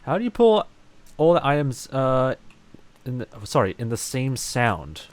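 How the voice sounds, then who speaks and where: A man's voice: mid-range voice, big pitch swings, unhurried, dry recording, soft background music. A man from New Zealand with a light, slightly American-sounding accent. He chats casually to his live-stream audience while playing a game, leaning on "like" and "um" and restarting often. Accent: light New Zealand, somewhat American-sounding. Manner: rambling, heavy use of "like" and "um", many restarts. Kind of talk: casual live-stream chat while gaming, reading chat aloud.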